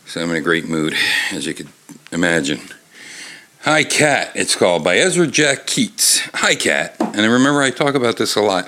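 Rambling, lively-voiced man hosting a solo show. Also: lowish voice. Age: middle-aged. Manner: rambling, self-interrupting, swears casually. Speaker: show host. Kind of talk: casual rambling monologue. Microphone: desk microphone.

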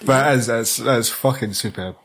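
A man's voice: mid-range voice, normal speed, fairly bright tone. A young man, chatting casually about a film, blunt and laid-back, swearing freely. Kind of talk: casual film review chat.

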